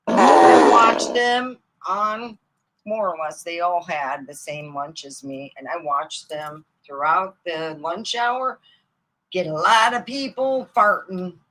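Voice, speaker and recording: A middle-aged comedian tells rambling, profane stories from her own life in a casual monologue, laughing at them as she goes. Her voice is fairly low-pitched and fairly bright, her pace slow, and the audio quality poor.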